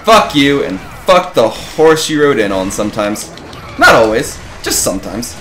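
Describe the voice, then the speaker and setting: A man hosting a let's play, giving gaming commentary, swearing often and getting animated and frustrated at the game. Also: mid-range voice, unhurried, echoey room, background noise.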